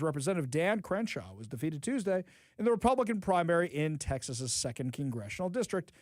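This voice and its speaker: A male talk radio host with a fairly high voice that swings widely in pitch as he works through the news. He reads out items and then needles them with sarcastic, mocking comments. The sound is close and dry, with no room echo.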